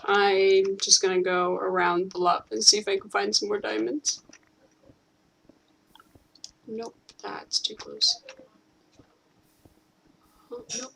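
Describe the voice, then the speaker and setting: A woman's voice: medium pitch, fairly even intonation, takes it slowly, gravelly, pauses often, a bit bright, slight background noise. A woman hosting a gaming video, chatting casually and laughing often as she plays. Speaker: gaming channel host. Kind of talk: casual chat while playing a game.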